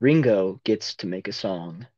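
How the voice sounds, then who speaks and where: A young man co-hosting a casual podcast, joking around with goofy, deliberately absurd rants. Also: low-pitched, expressive, dull audio. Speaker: podcast co-host.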